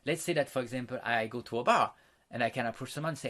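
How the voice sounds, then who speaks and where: A man's voice: medium pitch, a bit bright. Man teaching a social skills course. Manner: explanatory, unhurried, frequent fillers and restarts; walks listeners through exercises and demonstrations. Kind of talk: online course lecture.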